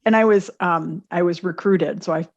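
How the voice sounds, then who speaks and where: A woman attorney speaking as a guest in a casual panel discussion, thoughtful, pausing and restarting as she finds her words. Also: lowish voice, a little mellow. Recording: dull lo-fi audio.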